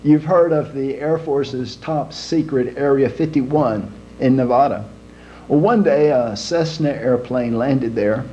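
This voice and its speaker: A man telling jokes in a folksy, unhurried storytelling manner. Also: medium pitch, dark tone. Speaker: joke teller. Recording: dull lo-fi home recording with faint hum.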